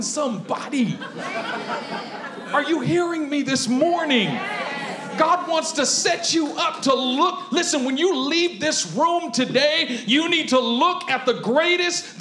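A man preaching a sermon to his congregation, animated and conversational, raising his voice as he drives points home. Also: very high voice. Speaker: pastor. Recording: roomy echo.

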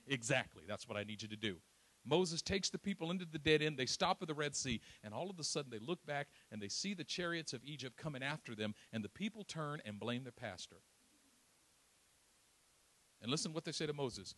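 A man preaching a sermon, acting out the voices of scripture figures and swinging between loud and hushed delivery. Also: mid-range voice, lively intonation, fairly quick. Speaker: pastor.

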